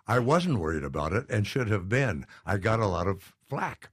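Older male guest, low voice, self-mocking, chuckles a lot, dry studio sound. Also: very animated, normal speed, husky, no echo. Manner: self-deprecating, laughs often. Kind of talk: casual interview chat.

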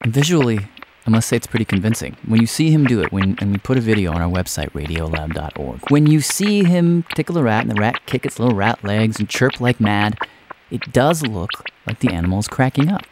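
Animated male radio host, lively pitch. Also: brisk, background noise. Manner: animated, playful storytelling with sound imitations. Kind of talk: radio documentary narration and interview.

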